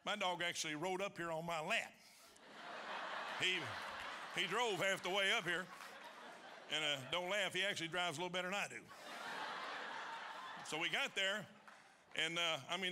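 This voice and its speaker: A man telling a funny hunting story on stage before a large audience, folksy and animated, loud in the quoted lines. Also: a little high, moderate pace, pauses often, background noise. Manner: folksy, animated, shouting punchlines in quoted voices. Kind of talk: live comic storytelling.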